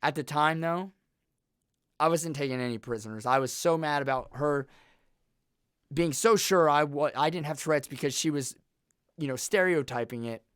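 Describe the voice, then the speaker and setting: A young man tells personal stories in a casual, blunt, animated way. His voice sits a little high for a man. The recording is dry and close. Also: moderate pace, long pauses, smooth, no room sound. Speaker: vlogger.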